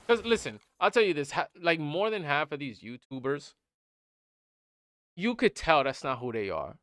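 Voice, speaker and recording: A man's voice: on the high side, normal speed, smooth, no room sound. A man streaming a game, giving his blunt opinions in casual chat and often repeating himself. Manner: blunt, animated, repeats phrases. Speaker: gaming streamer. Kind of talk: casual opinion talk while gaming.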